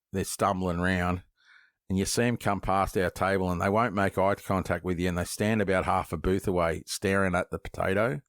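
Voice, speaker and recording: A man's voice: deep voice, no room sound, studio quality. An Australian man, a guest on a casual podcast interview, telling stories with plenty of swearing, false starts and repeated words. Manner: lively storyteller, swears freely, acts out quoted voices. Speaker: guest knifemaker.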